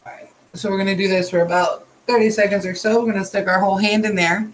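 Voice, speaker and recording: A man's voice: high voice, level tone, fast, poor audio. A tired man hosting a nail art tutorial, chatting casually and drifting into rambling asides while he works.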